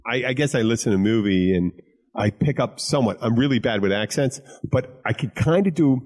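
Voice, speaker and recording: Casual podcast host from Philadelphia, talks loose and profane, mid-pitched voice. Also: male voice, fairly quick. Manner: swears freely, animated storytelling. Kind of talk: casual chat.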